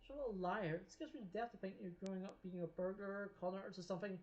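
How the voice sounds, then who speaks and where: A woman voicing a sharp-tongued, scornful middle-aged grocer in a read-aloud game story. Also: medium pitch, fast talker, muffled recording, lightly acted. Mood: scolding. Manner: scolding, dismissive.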